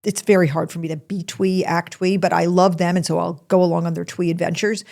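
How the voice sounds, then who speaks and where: A woman's voice: fairly low pitch, flat delivery, fairly quick, vocal fry, darkish tone. A woman hosting a podcast, telling a personal story in a chatty, rambling way with asides and restarts. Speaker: podcast host.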